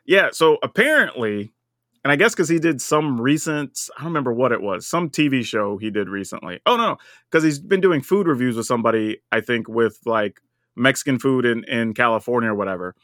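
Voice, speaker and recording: Male podcast co-host, mid pitch, dry close mic, lively musing delivery. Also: brisk, dry recording. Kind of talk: casual chat.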